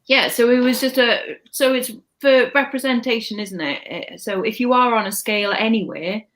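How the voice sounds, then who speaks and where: A woman's voice: on the high side, normal speed, fairly bright tone. A woman hosting a casual live stream, chatty and blunt, swearing freely. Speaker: channel host.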